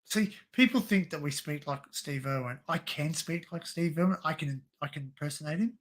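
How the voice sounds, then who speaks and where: Rambling Australian man, fairly high voice. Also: moderate pace, fairly bright tone. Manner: rambling, hesitant, many fillers and restarts. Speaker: livestream host. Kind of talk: casual rambling chat.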